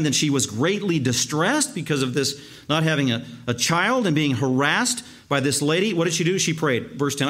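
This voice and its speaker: A man preaching a sermon, emphatic, stacking repeated words into long lists and slowing down to stress key words. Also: fairly high pitch, a bit bright. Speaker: pastor.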